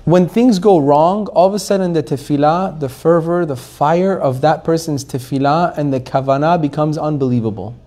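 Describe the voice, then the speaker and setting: Rabbi guy teaching a class, keeps asking the room stuff, laughs a lot, kinda high voice. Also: moderate pace, hardly any pauses. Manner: animated, asks the room questions, laughs often. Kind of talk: Torah class to a live audience.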